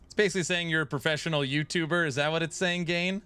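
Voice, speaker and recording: A man's voice: on the high side, fairly even intonation, quick pace, bright, forceful tone, slight background noise. A man in his thirties streaming a game live, chatting and teasing in joking banter while he plays. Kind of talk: live gaming stream chat.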